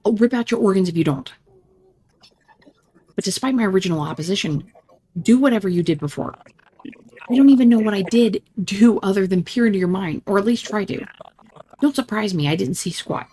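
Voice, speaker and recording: A woman's voice: medium pitch, expressive, fairly quick, long pauses, mellow, slight background noise. A woman hosting a gaming channel, reading game dialogue aloud in a let's-play and switching voices dramatically between the characters.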